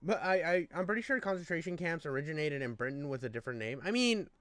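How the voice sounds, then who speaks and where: A young man reacts to a video with a heated, profane rant, exasperated and packed with fillers and restarts, in the style of casual commentary. His voice is a little high, a bit bright and animated, and he talks fast. The recording has no echo.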